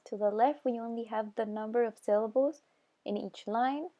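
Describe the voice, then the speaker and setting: A young woman calmly explaining a study method step by step, in a tutorial voice-over. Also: medium pitch. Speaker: student video host.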